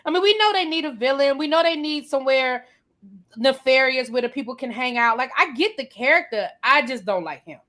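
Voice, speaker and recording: A woman's voice: high-pitched, lively intonation, brisk, sharp tone. A woman co-hosting a soap opera recap livestream, chatty and emphatic, often repeating herself for effect. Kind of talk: casual livestream chat.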